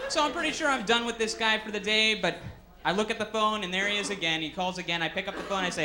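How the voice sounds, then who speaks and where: A man's voice: sits high, quick pace, a crowd in the background. A man doing a stand-up comedy set on stage, telling stories with many fillers. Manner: storytelling with frequent fillers.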